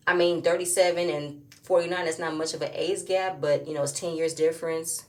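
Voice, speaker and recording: A woman with a slightly low voice talks through a reality show episode in a casual review. She is opinionated and often pushes into emphatic, louder stretches when she makes her point. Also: steady tone, brisk, few pauses. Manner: opinionated, rising to emphatic outbursts. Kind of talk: casual recap commentary.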